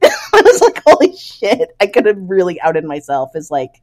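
This podcast co-host, a middle-aged woman, has a lowish voice and talks at normal speed with hardly any pauses. Chatting casually, she tells a funny tale from her past, laughing a lot and animatedly imitating the people she quotes.

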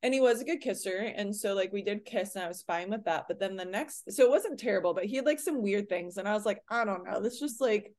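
A woman's voice: medium pitch, fast, few pauses. A young woman in casual podcast chat, telling a dating story with lots of "like" and acted-out quotes. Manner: animated storytelling, heavy on "like", acts out quotes. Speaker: podcast co-host.

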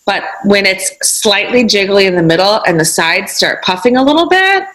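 A woman's voice: medium pitch, expressive, moderate pace, a bit bright, rough recording. A woman chef as a podcast guest, giving practical cooking advice in an easygoing, step-by-step way.

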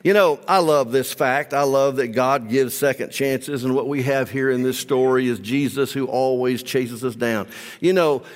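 A man preaching a sermon as pastor, leading his congregation in call-and-response and asking reflective questions. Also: mid-range voice. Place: large church sanctuary. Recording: long church hall reverb.

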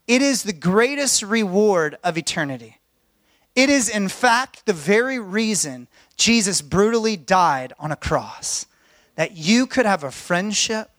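A man with a notably high voice preaches in a dry, close-sounding room. He tells his own stories earnestly and from the heart. He sounds middle-aged and speaks as a pastor. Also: expressive, unhurried, fairly bright tone, no room sound. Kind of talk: sermon with personal stories.

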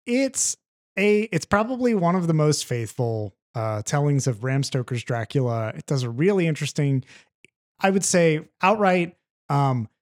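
A man co-hosting a film podcast in casual chat, animated and rambling, swearing freely. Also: on the high side, moderate pace. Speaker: podcast co-host reviewing films.

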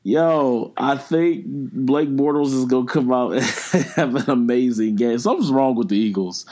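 A man's voice: mid-range voice, moderate pace, dark tone. A man co-hosting a casual sports podcast, talking in a rambling, joking way with lots of fillers. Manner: joking, rambling, apologetic teasing. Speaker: podcast co-host.

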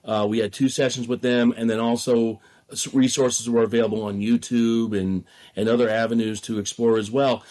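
A man, a theater director, being interviewed and talking in a measured, thoughtful way with frequent hedges. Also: mid-range voice, little pitch movement, a little mellow.

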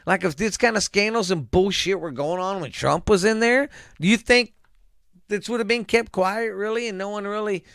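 A man's voice: high-pitched, moderate pace, gravelly, bright, forceful tone, no echo, clean studio sound. A man hosting his own show, ranting angrily at his listeners, swearing constantly and rambling as he goes. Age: adult with children. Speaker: show host. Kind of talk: angry profane rant to listeners.

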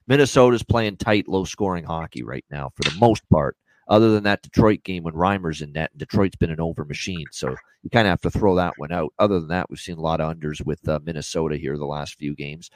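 A man's voice: very deep voice, dry recording. A man hosting a sports betting show, talking casually with many fillers. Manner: quick, chatty, many fillers. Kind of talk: casual betting analysis chat.

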